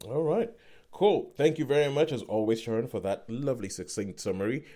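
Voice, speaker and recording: A man hosting a casual podcast chat over a video call, animated and steering the conversation. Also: mid-range voice, brisk. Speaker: podcast host.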